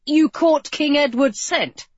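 A woman's voice: high-pitched, takes it slowly, a little mellow, dry recording, pitched above the performer's own voice. A woman voicing a flustered awkward young man. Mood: alarmed. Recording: dull, muffled audio.

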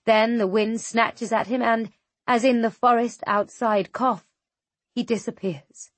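A woman reading a fantasy novel aloud in the first person, her voice a little high for a woman's. She takes her time over every line, measured and tense. The recording is close and dry. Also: steady tone, dry recording. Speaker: audiobook narrator. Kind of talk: first-person audiobook narration.

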